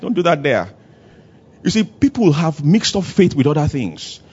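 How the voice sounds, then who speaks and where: A man preaching a sermon at a church service, acting out little dialogues and swinging between loud and soft. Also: fairly high pitch, sing-song, moderate pace, husky, muffled recording, some chatter behind. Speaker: pastor.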